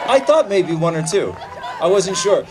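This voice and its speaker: A high-voiced man shouts his rally speech across an outdoor park, pushing his voice to carry over the crowd. A loud, cheering crowd and open-air noise surround him. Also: very animated, normal speed, far from the mic. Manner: shouting to a crowd, leading chants. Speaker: rally speaker.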